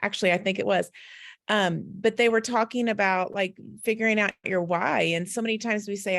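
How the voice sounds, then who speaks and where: Woman on a business call, candid and encouraging, gravelly voice, dry close sound. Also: medium pitch, animated, normal speed, a bit bright, no echo. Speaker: team leader and guest on a business call. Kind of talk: casual motivational sharing.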